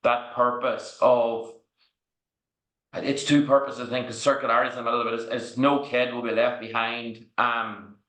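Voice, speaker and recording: A man's voice: mid-range voice, level tone, moderate pace, a bit bright. Irish man telling stories in echoey room. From Ireland. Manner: rambling, frank, peppers with "right?" and swearing. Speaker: podcast guest, entrepreneur. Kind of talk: candid storytelling interview.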